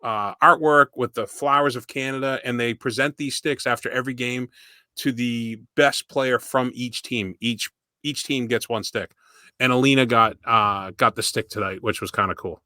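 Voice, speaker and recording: A man's voice: medium pitch, steady tone, moderate pace, sharp tone, dry recording, clean studio sound. A middle-aged man co-hosting a podcast, rambling through stories with swearing and laughs. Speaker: podcast co-host. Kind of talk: casual chat.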